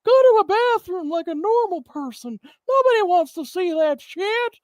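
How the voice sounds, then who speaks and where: A woman voicing a cranky old man in his eighties who scolds in a gruff, indignant way. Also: very high-pitched, lively intonation, moderate pace, a little mellow, dry recording, voice pushed up. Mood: scolding.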